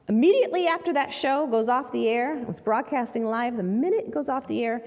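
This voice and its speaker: A woman who is a lawyer, telling a story in a dramatic, animated way. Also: a little high, big-room sound. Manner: animated, acts out quoted voices.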